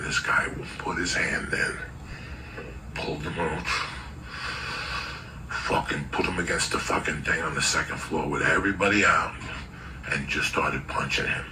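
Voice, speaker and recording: Gravelly, profane New storyteller man. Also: extremely low pitch, far from the mic, heavy background noise. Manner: loud, profane, animated, acts out voices in the tale. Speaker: storyteller guest.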